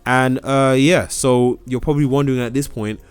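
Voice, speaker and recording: A man's voice: medium pitch, fairly even intonation, moderate pace, clean tone, faint music behind. A young man, a gaming YouTuber, talking casually to his viewers from his own room in a rambling way, full of fillers and restarts. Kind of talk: casual talking-to-camera update.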